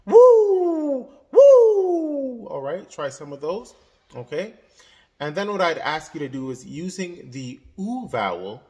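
A man's voice: fairly high pitch, expressive, moderate pace, fairly bright tone. A man teaching a singing lesson as a voice coach, explaining exercises and demonstrating vowels. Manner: instructive, demonstrating sung vowels and yodels.

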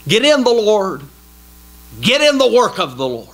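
Slow, emphatic preacher man. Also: high voice, sing-song, rough recording. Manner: emphatic, swings between loud exhortation and quiet asides; folksy, jokes with the congregation. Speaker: pastor. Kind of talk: sermon. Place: small church sanctuary.

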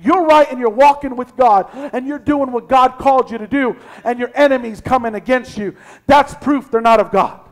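High-voiced preaching pastor. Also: male voice, moderate pace. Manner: reads scripture, then preaches with rising shouts. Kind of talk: sermon. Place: church sanctuary.

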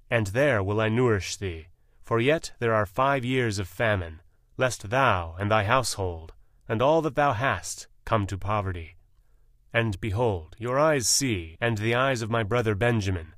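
A man reading the lines of a grown ruler who reveals himself to his brothers, in an earnest, measured delivery. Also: on the low side, fairly bright tone, no room sound, studio quality.

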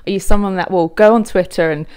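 A woman's voice: mid-range voice, quick pace, a little mellow, smooth. A woman, a music journalist, asking an interview guest long and friendly questions.

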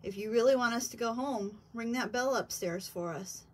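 Brief: female ghost hunter, husky voice, patient and coaxing, speaking in a house basement. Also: a little high. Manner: slow, patient, coaxing questions. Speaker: paranormal investigator. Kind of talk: questioning spirits in a ghost hunt.

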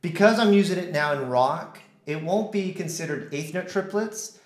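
Speaking at a moderate pace, this American drum teacher has a slightly high, animated voice and a roomy sound. His lesson is laid-back, full of counted stickings and hummed rhythms.

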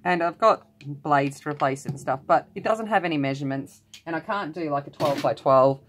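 A woman's voice: low voice, fairly quick, a little hiss or hum. A woman chatting in a rambling way while she colours along in a vlog. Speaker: colouring channel host.

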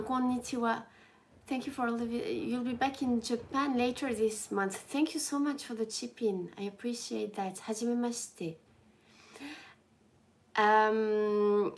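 A young woman chatting casually to her viewers in a groggy morning voice, halting and restarting often. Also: on the high side. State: sleepy morning voice. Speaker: lifestyle livestreamer.

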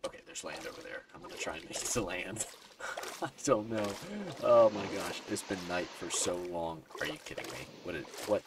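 A man's voice: low-pitched, fairly quick. A man narrating his own gameplay, exasperated and muttering to himself, with sudden panicked yelps. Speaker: gaming video creator. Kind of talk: let's play commentary. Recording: distant mic with loud background noise.

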